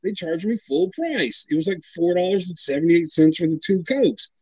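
A man's voice: high-pitched, lively intonation, normal speed, darkish tone, breathy edge, dry recording, poor audio. A man casually telling a story, exasperated and swearing, acting out what everyone said. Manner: profane, exasperated, acts out quotes.

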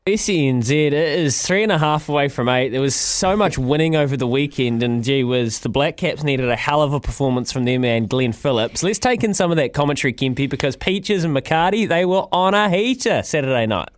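Jovial New Zealand radio host. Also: male voice, on the high side, lively intonation, a little fast, hardly any pauses, no echo. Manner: jovial, laughs easily. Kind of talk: sports radio chat.

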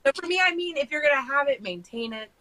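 A woman's voice: sits high, lively intonation, quick pace, over a noisy crowd, rough recording. An American woman chatting as a podcast guest, frank and rambling, full of fillers and restarts. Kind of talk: casual chat.

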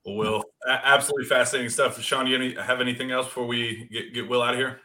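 A man hosting a podcast, chatting in a relaxed way with a guest. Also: mid-range voice, quick pace. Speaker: podcast host. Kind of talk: casual interview.

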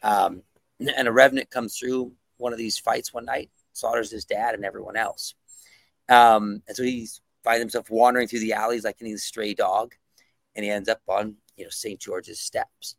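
Male guest, low gravelly voice, dry close sound, eager and rambling, lots of ums. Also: steady tone, moderate pace, no room sound. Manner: enthusiastic, rambling with many fillers. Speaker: guest comic book writer. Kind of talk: casual interview talk.

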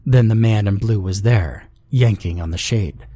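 A man narrating a scripted horror story in a calm, measured storytelling manner, close to the mic. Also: fairly low pitch, husky, no echo.

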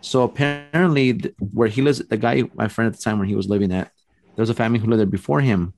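A middle-aged man casually telling a story, animated and rambling, with restarts and acted-out quotes. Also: on the low side, very fast, gravelly, no echo, faint music behind.

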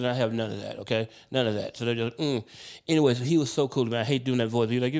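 A man, a comedian, telling hospital stories on a podcast in an animated, candid, profane way. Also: mid-range voice, racing. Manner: animated, profane, self-deprecating. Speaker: comedian guest. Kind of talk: casual podcast storytelling.

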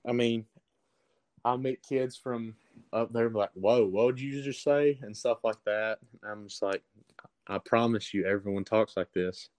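A teenage baseball recruit with an Alabama accent, answering interview questions in a halting way with lots of ums. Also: male voice, lowish voice, a little mellow, low-quality recording. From Southern US. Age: teens. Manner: halting, with many ums and restarts.

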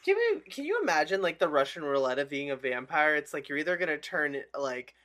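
A woman's voice: low voice, big pitch swings, fairly quick, a bit bright. A woman co-hosting a casual podcast, playful and laughing often, trading jokes in a small studio. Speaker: podcast co-host. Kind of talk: casual chat.

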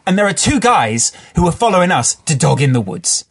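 A man's voice: fairly high pitch, very animated, a little fast, vocal fry, slight background noise. A man from the English Midlands telling a rambling, sweary story in a casual podcast chat. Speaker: podcast guest.

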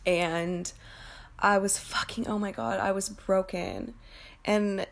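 A young woman telling a painful personal story in a candid, emotional way, swearing freely and often halting and restarting. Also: medium pitch, animated, creaky.

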